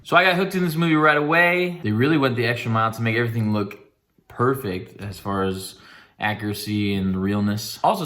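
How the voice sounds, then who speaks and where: A man's voice: mid-range voice, fairly bright tone. A man giving a casual spoken movie review in a laid-back, rambling way with wry asides.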